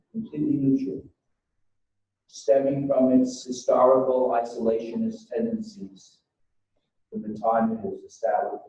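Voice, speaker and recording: A man's voice: medium pitch, dark tone, slight background noise. A man giving a university history lecture, telling events as a story and acting out what people said. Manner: storytelling, retells exchanges as dialogue. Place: lecture hall. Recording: echoey lecture hall, mic far off, dull.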